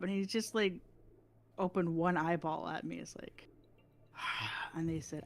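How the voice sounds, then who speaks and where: A woman's voice: lowish voice, fairly even intonation, normal speed, creaky, pauses often. A woman livestreamer chatting casually, telling a story with lots of laughs and acted-out voices. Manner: chatty, laughing, acts out voices in her anecdotes.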